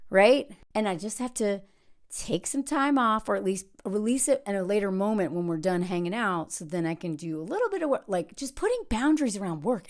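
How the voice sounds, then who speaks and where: A woman's voice: mid-range voice, darkish tone. A woman who makes online videos talks in a casual personal vlog. She rambles, interrupts herself, uses many fillers, and is reflective and candid. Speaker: content creator.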